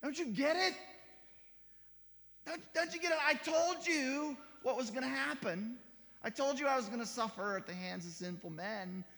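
A preacher acting out an exasperated man scolding a grieving friend, loud and incredulous, with a long reverb. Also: on the high side, a little slow, creaky.

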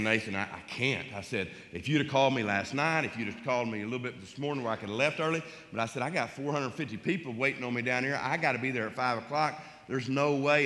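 A middle-aged man telling an emotional Christian testimony in a folksy way, repeating words and swinging from urgent to hushed. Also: medium pitch. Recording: long hall reverb.

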